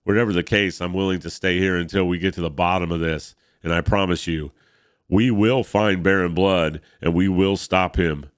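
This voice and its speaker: A man voicing a heroic, earnest middle-aged soldier, reading a comic aloud in a calm, resolute manner. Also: low voice, moderate pace, smooth, no room sound, studio quality, lightly acted.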